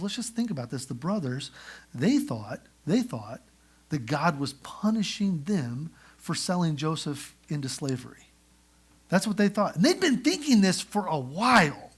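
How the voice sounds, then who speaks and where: A man preaching a sermon in church, telling the story in a lively way and acting out the characters. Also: high-pitched, husky. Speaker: pastor. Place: church sanctuary.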